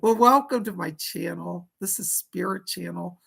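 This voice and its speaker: A man's voice: sits high, moderate pace, gravelly, a bit bright, slightly rough. A man hosting a casual psychic livestream, chatty and fussy, greeting viewers and scolding a pet companion.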